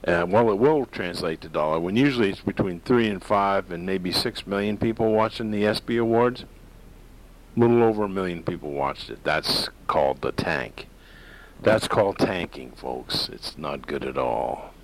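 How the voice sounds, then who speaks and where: A very low-pitched male talk radio host rambles through an opinionated monologue. He speaks casually, stopping often on "uh" and restarting his sentences as he goes. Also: moderate pace, poor audio.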